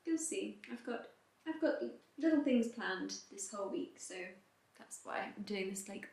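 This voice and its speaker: A woman vlogging in a casual, chatty way, full of "like" and "um", her voice softening and trailing off at the ends of phrases. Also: on the high side. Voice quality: soft-spoken, trails off quietly at phrase ends. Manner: chatty, filler-heavy with frequent "like" and "um". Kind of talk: casual vlog chat to camera. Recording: echoey room.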